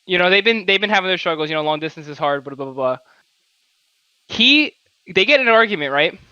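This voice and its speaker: A man's voice: high voice, expressive, fast talker, sharp tone, clear, resonant tone, no room sound, dull audio. A young man co-hosting a podcast, telling a story in a casual chat and laughing often as he talks. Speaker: podcast co-host.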